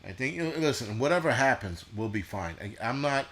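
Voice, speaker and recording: A man hosting a casual livestream, ranting bluntly and profanely with mocking asides and halting restarts. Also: medium pitch, lively intonation, a bit bright. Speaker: show host.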